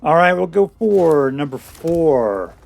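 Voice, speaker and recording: A man's voice: on the high side, very animated, slow pace, creaky, a little mellow. A man giving casual commentary on a card game he is playing, counting cards aloud under his breath and making wry, sarcastic remarks to himself.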